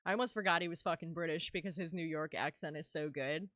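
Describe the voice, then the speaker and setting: Chatty woman streamer drawing and talking, lowish voice, swears a lot, dry close sound. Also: fast talker, fairly bright tone, no room sound. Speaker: artist streamer. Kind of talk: casual chat while drawing.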